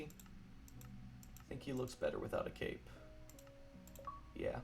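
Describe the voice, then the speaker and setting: A man's voice: medium pitch, sing-song, unhurried, gravelly, pauses often, soft background music. A man chatting casually while streaming a game alone at his computer, apologetic and rambling.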